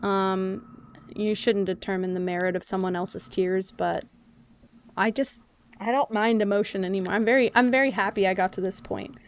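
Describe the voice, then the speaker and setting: A woman's voice: mid-range voice, normal speed, slight background noise. Chatty young woman streamer. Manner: chatty, animated, self-described loud and yappy. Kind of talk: casual chat while gaming.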